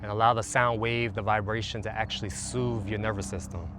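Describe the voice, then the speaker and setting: A man with a lowish voice leads a guided relaxation session, speaking slowly and soothingly. He sounds calm and unhurried. A faint hiss of background noise sits under his voice. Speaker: stretch and relaxation instructor.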